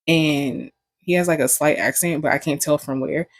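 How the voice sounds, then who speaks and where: A woman's voice: low voice, fairly even intonation, normal speed, no echo. Frank, profane young woman vlogger. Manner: candid, profane, joking. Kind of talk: casual storytelling.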